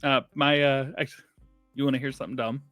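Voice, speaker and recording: A man's voice: mid-range voice, steady tone, a little fast, a bit bright, dry recording, faint music behind. A man co-hosting a casual gaming podcast, chatty and rambling, laughing often. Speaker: podcast co-host.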